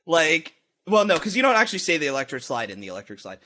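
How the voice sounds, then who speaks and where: Animated high-voiced man rambling. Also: fast talker. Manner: rambling, animated, breaks into sung and shouted bits. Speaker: podcast co-host. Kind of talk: casual podcast banter.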